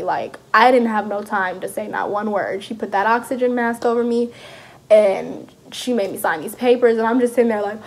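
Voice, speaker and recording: A young woman, chatting through a storytime vlog in a lively, animated way. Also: a little high. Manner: chatty, animated retelling with laughs. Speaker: vlogger.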